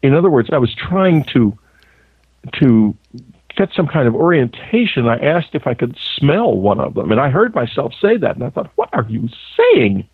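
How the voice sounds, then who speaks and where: A male author, a guest on a radio show, recounting events in a halting way, searching for words. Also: medium pitch, sing-song, breathy edge, dry recording. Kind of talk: phone interview, personal recollection. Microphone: telephone. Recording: tinny phone line.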